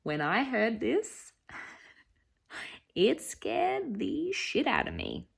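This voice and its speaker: Slow-talking young woman vlogger. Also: on the high side, huge pitch swings, vocal fry, husky. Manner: earnest, emphatic retelling. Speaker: travel vlogger. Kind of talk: vlog voice-over storytelling.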